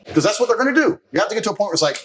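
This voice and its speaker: High-pitched, animated, and racing along, a man tells boastful stories as a guest in a casual podcast chat. He's brash and profane and laughs often.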